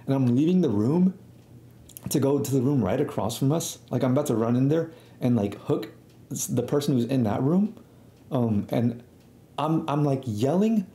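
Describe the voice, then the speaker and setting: A young man streams a rambling, slang-filled story, cursing freely in a warm, medium-pitched voice at a moderate pace. The room around him is echoey.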